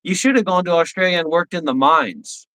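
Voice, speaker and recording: Livestream co-host, a man, slightly high-pitched, bossy and preachy in tone. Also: expressive, a little fast, sharp tone, poor audio. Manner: pushy, lecturing, mocking. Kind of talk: casual livestream banter.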